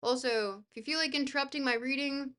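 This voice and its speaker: Woman streamer, fairly high voice, live reading and chatting, hesitant fillers, self-deprecating laughs. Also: a little fast, a bit bright. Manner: reads dense text then breaks off to chat, hesitant with fillers. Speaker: streamer reading a book aloud to chat.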